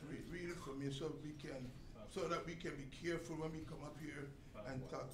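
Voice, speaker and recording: A man teaching a sermon to a congregation, emphatic and swinging between loud and soft delivery. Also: a little high, steady tone, fairly quick. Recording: echoey room, distant mic, faint noise.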